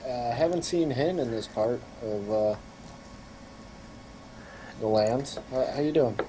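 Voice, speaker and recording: A man playing a tabletop game, talking in character in a friendly, halting way. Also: medium pitch, mellow, slight background noise, rough recording. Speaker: player.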